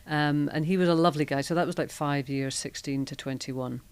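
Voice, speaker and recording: A woman's voice: low-pitched, fairly even intonation, fairly quick, smooth. A middle-aged woman with a Scottish accent, a podcast guest telling frank, self-deprecating anecdotes in a chatty way. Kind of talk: candid conversational storytelling.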